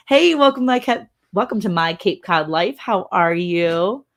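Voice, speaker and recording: A chatty middle-aged woman with a slightly low voice co-hosts a relaxed livestream. She laughs often and reads viewer messages aloud in an easy, friendly way. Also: unhurried. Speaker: co-host of a livestream. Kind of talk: casual live chat reading comments.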